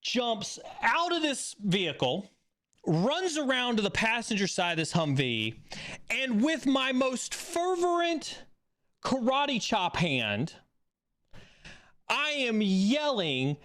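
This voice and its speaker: A man hosting a live stream, telling a story in a casual, animated way that rises excitedly when he acts out a scene. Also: sits high, slow. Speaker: stream host.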